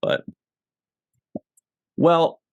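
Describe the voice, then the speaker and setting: A man's voice: very slow, no room sound, muffled recording. A man hosting a casual podcast, asking questions and teasing his guests. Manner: joking, teasing. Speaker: podcast host.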